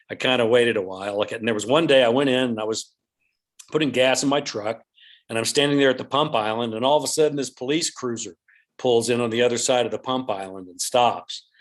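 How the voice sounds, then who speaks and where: A male author rambles through a personal story, filling it with "you know" and "like". His voice sits in the middle range for a man. He tells the story in a relaxed, conversational way. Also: mid-range voice. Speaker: author and guest. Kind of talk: anecdotal storytelling interview.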